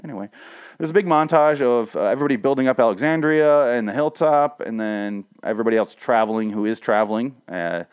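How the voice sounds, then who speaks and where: A man's voice: medium pitch, quick pace, smooth, muffled recording. Rambling, cursing man reviewing comics. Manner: rambling, profane, frequent restarts; swings from ranting to mumbling self-deprecation. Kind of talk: casual solo review monologue.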